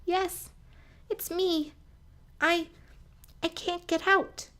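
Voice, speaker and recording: A woman voicing a small, timid young girl mouse who talks in an eager, squeaky way. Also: fairly even intonation, drawn-out words, a bit bright, exaggerated voice. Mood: startled.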